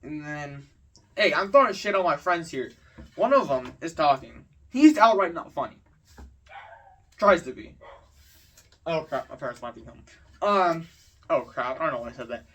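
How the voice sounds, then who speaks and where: A man's voice: fairly high pitch, very animated, moderate pace, pauses often, fairly bright tone, recorded from a distance. A teenage boy telling a rambling, exasperated story about school in a casual rant. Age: teens. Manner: exasperated, rambling, filler-heavy. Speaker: student vlogger. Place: home at night.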